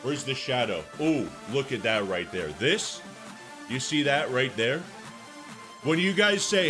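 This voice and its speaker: Animated, joking man streaming live. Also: mid-range voice, unhurried. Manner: animated, joking, bursts into exclamations. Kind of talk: casual live-stream chat with viewers. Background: faint music playing.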